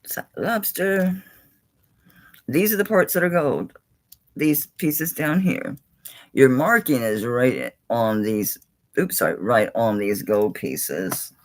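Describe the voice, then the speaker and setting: A woman's voice: rumbling low, expressive, slow, low-quality recording. A woman, chatting casually and folksily as she sells jewelry on a live stream.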